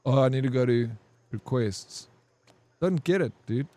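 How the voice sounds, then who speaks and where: A man's voice: mid-range voice, expressive, a little slow, dark tone, no room sound. A man streaming a game, rambling and crude as he tells a long army story to his chat. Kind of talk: casual gaming stream storytelling.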